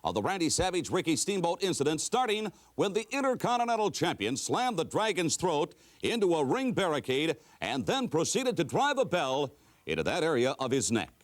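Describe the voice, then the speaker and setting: Guy reading a news update formal, a bit high and lively. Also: moderate pace. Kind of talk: scripted news narration.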